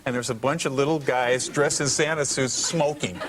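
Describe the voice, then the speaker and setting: An American man, a guest musician on a talk show, telling a funny anecdote in an animated way, acting out the voices he quotes and laughing often. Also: mid-range voice, moderate pace. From United States.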